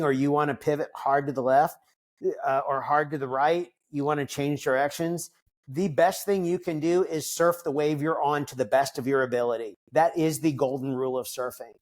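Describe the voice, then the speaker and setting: A man's voice: on the high side, darkish tone. A man in his fifties, a podcast guest, talking reflectively in a casual interview, with frequent fillers and restarts. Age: 50s.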